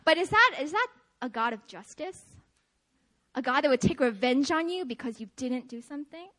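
A woman giving a testimony-style sermon at a prayer meeting, energetic and emphatic, often laughing as she speaks. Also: sits high, normal speed. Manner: emphatic, repetitive preaching cadence.

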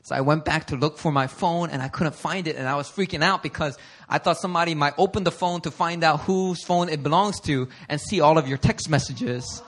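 A male pastor telling a personal story in a sermon, animated and conversational, often laughing. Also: on the high side, fairly quick, few pauses. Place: church service before a congregation.

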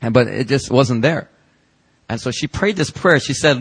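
A man pastor preaching a sermon in church, telling stories and reading out emails with lively emphasis. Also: medium pitch, normal speed, breathy edge.

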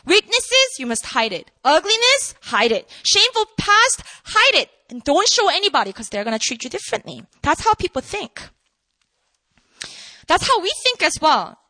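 A woman preaching a sermon to a room, emphatic and animated, asking her listeners rhetorical questions. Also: very high voice, normal speed, no echo. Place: room with an audience.

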